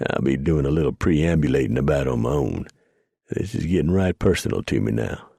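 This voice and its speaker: A man voicing a gruff, vengeful lone mountain man in an audiobook, with slow frontier drawl. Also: a bass voice, animated, warm tone, no echo, studio quality, exaggerated voice. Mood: grim.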